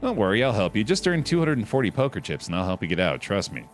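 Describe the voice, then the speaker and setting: A man's voice: lowish voice, big pitch swings, quick pace, soft background music. A man voicing a sweet but scheming female fairy offering a deal, in a sugary raised voice. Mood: coaxing.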